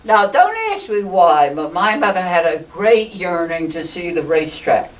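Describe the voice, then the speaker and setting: Her voice is fairly low with lively intonation and a moderate pace. This older woman, a pioneer of ballooning, chats and laughs a lot while storytelling in a group interview, captured on a distant microphone with faint noise.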